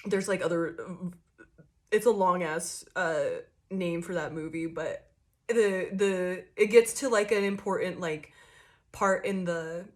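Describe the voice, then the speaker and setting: A woman's voice: fairly low pitch, slow. A woman giving a casual tarot reading into a desk microphone, swearing freely and laughing often. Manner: profane, animated, laughs often, acts out quoted people. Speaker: tarot reader. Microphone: desk microphone that picks up card shuffling.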